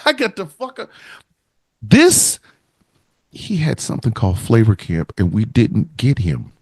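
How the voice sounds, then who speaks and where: Male host, comedic podcast, expressive swooping delivery, dry close sound. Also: on the low side, a little slow, breathy edge, no room sound. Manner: profane, animated, acts out quotes. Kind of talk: casual comedic chat.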